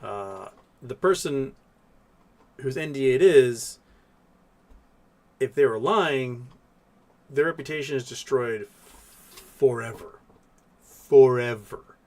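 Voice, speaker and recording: Reading super chats on a laid-back livestream, this man from Texas rambles through viewer questions, filling his thinking-aloud with fillers and cooing gently to his cat. His medium-pitched voice is expressive, slow and full of pauses.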